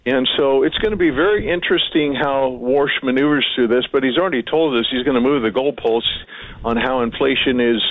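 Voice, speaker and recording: A man's voice: medium pitch, brisk, no echo. Man on a tinny phone line. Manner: rambling, many fillers and restarts. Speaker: regular financial commentator. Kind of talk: casual market commentary.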